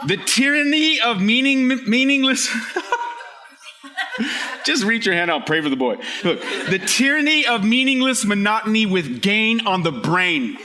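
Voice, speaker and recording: A man preaching an energetic sermon to a live congregation, emphatic and joking, sometimes shouting a point. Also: sits high, unhurried. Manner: animated, emphatic, shouts for emphasis, jokes with the audience. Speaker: pastor. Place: church hall with a live congregation.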